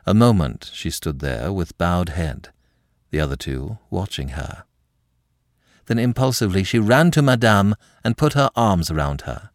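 A man's voice: low-pitched, measured pace, dry recording, clean studio sound. A man narrating a classic novel expressively as a podcast reader. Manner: expressive storytelling. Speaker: audiobook narrator. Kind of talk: scripted narration.

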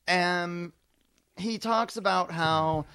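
A man co-hosting a casual comedic chat, quick and campy, often slipping into mocking impressions. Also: high voice, pushed and bright, clean tone, no room sound. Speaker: podcast co-host.

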